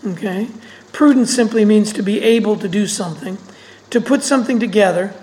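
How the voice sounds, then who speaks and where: A woman's voice: mid-range voice, brisk, darkish tone, low-quality recording. A woman teaching through a Bible passage, reading verses aloud and explaining them with casual asides.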